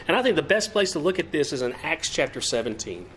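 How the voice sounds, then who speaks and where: A man's voice: fairly high pitch, sing-song, fast, a bit bright, a little hiss or hum. A man preaching a sermon with emphasis and rhetorical questions. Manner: emphatic, rising and falling delivery with rhetorical questions.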